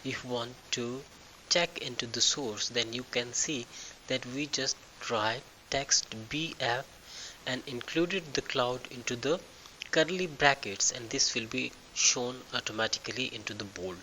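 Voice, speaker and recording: A man walking through a screen-recorded software tutorial, thinking aloud with halting restarts and fillers. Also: mid-range voice, slight background noise, low-quality recording. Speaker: tutorial instructor.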